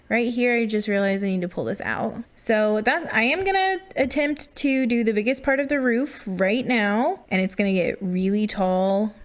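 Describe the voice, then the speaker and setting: A woman giving casual, self-deprecating commentary while building in a game, thinking aloud as she works. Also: medium pitch.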